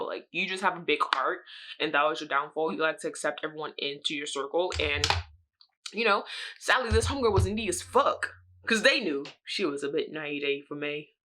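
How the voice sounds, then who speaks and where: A young woman telling a drama story while doing her makeup, animated and swearing, acting out what she said. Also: medium pitch. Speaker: beauty vlogger. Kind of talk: get-ready-with-me story time.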